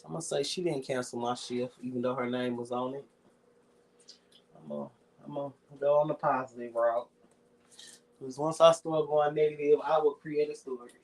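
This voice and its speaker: A man's voice: medium pitch, steady tone, normal speed, darkish tone, rough recording. A man with a Southern US accent, talking in a rambling, profane, reflective casual monologue as a streamer.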